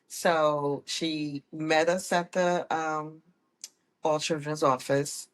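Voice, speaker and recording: A woman guest telling her personal story in a casual, lively way, often correcting herself as she goes. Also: low-pitched. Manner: animated, acts out quoted people with voice changes; laughs often, corrects herself mid-sentence. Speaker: guest, autism mom.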